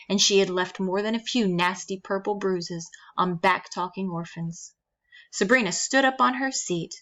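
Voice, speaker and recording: A woman reading a children's novel aloud, telling the story steadily with lively emphasis. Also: mid-range voice, highs cut off. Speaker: reader.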